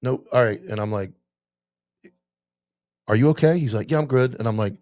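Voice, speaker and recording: A man's voice: on the low side, fast talker, a little mellow, no room sound. A man hosting a casual interview, a police officer himself, who tells stories animatedly, swears freely and acts out both sides of a phone call. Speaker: podcast host, police officer.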